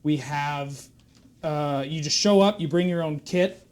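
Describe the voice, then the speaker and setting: A man plays an upbeat drum instructor giving a sales pitch over the phone. he's enthusiastic and pushy, and the voice rides a bit high. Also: a little slow, darkish tone, clean tone, lightly acted. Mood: salesy.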